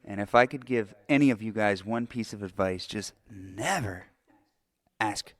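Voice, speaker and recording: A man joining a casual chat, telling his part in a measured, dry way with "uh" pauses. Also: lowish voice, no echo.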